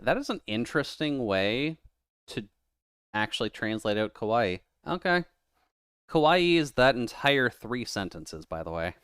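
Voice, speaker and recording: A man's voice: mid-range voice, unhurried, clear, resonant tone, no echo, clean studio sound. A man streaming a game live, reading its dialogue aloud and joking with chat in a casual, profane way. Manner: animated, joking, swears casually.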